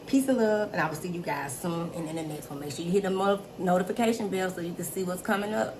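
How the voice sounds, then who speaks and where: A middle-aged woman giving a casual tarot reading on her channel, chatty and excitable, talking straight to her viewers. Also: lowish voice, quick pace. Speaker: tarot reader and channel host. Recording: noisy background hiss.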